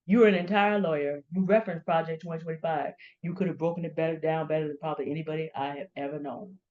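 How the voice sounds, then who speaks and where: A middle-aged woman hosts direct-address commentary, delivering pointed, confrontational remarks straight to people she names. Her voice is low, with fairly even intonation and a quick pace, recorded with dull, lo-fi sound.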